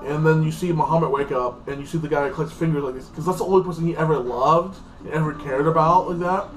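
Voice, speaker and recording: A man's voice: fairly high pitch, fairly even intonation, fast talker, a little hiss or hum. A man giving a casual, rambling episode recap, leaning on filler phrases like "like this". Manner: rambling, repeats "like this" and "freaking". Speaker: TV show reviewer. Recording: echoey room, distant mic, faint music.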